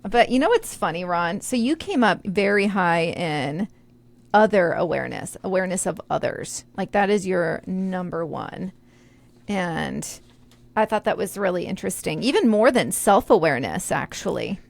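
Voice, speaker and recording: A woman's voice: fairly low pitch, big pitch swings, moderate pace, gravelly. A woman co-hosting a podcast, chatting in a reflective, casual way. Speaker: podcast co-host. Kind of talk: casual conversation.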